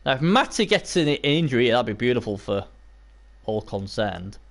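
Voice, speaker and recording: Hoarse from the night before, a male live stream commentator calls a video game match at a moderate pace, his pitch swinging from low grumbles to sudden squeaky cheers and high yelps. Excitable and chatty, he talks to viewers and chat by name like old friends in casual commentary.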